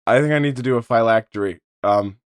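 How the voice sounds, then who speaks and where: A man's voice: medium pitch, fast talker, clean tone, no echo, studio quality. A man playing a tabletop game with friends, teasing and laughing often in rambling casual talk. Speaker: player.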